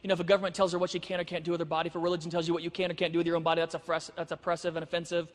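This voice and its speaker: A man voicing a calm, noncommittal young man, soft-spoken and reasonable, his words rushing out at a high pitch. The sound carries the long echo of a big hall. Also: close to an everyday voice. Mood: earnest.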